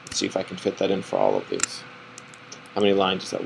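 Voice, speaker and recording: A man's voice: deep voice, very animated, fast talker, vocal fry, long pauses, background noise. A man teaching a math lesson, rambling and correcting himself as he draws on the board. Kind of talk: classroom lecture.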